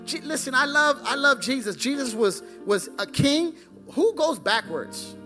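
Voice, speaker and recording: Fervent high-voiced preacher, bright and sharp. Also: male voice, expressive, a little slow, soft background music. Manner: fervent preaching, swings from loud to hushed. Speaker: pastor. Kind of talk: sermon.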